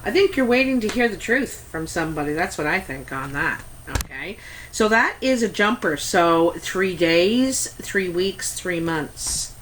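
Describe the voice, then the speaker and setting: A woman's voice: lowish voice, animated, unhurried, a bit bright, slight background noise, rough recording. A Canadian woman giving a casual tarot reading to camera, chatty and meandering, with many ums and asides. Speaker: tarot reader.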